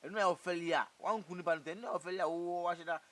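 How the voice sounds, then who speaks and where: A Ghanaian man acting in a comedy film, talking back quickly and insistently. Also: sits high, natural voice. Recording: background noise.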